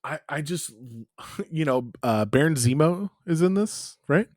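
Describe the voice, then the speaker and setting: A man's voice: a little high, animated, unhurried, a little mellow, no echo, clean studio sound. A man co-hosting a podcast, chatting enthusiastically about movies, swearing and gushing. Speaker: podcast co-host. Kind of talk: casual chat.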